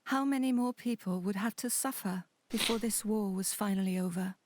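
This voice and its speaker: A woman giving calm, reflective first-person narration for a story game. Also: medium pitch, moderate pace, noisy background, natural voice. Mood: weary. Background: soft game music.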